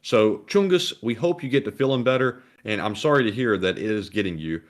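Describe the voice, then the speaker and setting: A man's voice: lowish voice, lively intonation, fairly quick. A man co-hosting a livestream, reading donations and viewer messages aloud in a plain, announcer-like way. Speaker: co-host reading super chats. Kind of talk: casual livestream chat.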